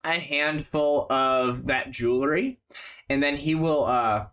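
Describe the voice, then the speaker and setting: A man's voice: medium pitch, takes it slowly, a bit bright. A man narrating a tabletop game as game master, rambling with many fillers.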